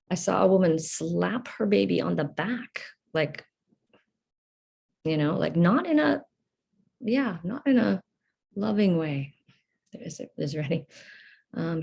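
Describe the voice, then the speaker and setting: A woman speaking in a reflective personal monologue. She talks in a hesitant, halting, earnest way, with many fillers and restarts. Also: lowish voice, lively intonation, vocal fry, a little mellow, slightly rough. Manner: earnest, emotional. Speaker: vlogger.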